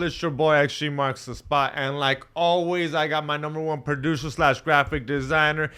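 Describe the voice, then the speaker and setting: Brief: male podcast host, bright crisp voice, hyped and crude, slightly high. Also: fairly even intonation, moderate pace, few pauses. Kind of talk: casual chat, show intro.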